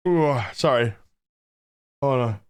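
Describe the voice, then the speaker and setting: A man's voice: mid-range voice, slow pace, clean tone. An older man giving comedic, irreverent commentary on a reality show, mocking it and laughing often. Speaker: YouTube commentator.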